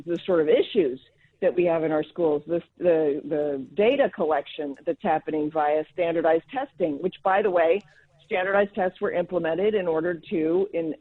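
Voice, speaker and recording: A woman's voice: fairly low pitch, no room sound. A middle-aged woman guest on a radio interview, arguing her point emphatically with sarcastic asides. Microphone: phone. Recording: tinny phone line.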